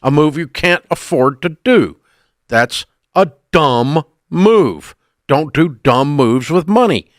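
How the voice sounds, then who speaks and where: A man's voice: fairly high pitch, expressive, slow pace, dry recording, clean studio sound. A middle-aged man hosting a call-in radio advice show, speaking bluntly and emphatically and scolding bad choices.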